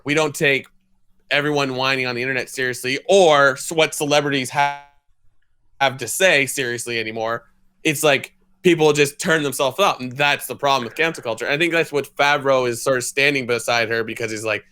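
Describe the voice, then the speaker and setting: A man's voice: medium pitch, fairly even intonation, brisk, bright, forceful tone, clear, resonant tone. A man co-hosting a podcast in casual chat, talking loosely with lots of "like" and acted-out quotes. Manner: talkative, full of "like" fillers and acted-out quotes. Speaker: podcast co-host.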